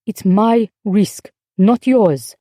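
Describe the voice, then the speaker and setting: A woman reading the lines of a weary, secretive French husband in an audiobook, in a low, guarded and tense way. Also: extremely slow, warm tone, dry recording, studio quality.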